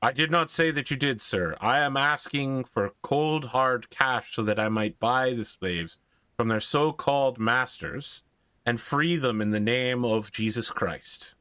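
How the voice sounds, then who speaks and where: Guy doing a humble irish priest, earnest, bright dry tone. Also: medium pitch, measured pace, smooth, no room sound. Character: humble male Irish priest begging for alms.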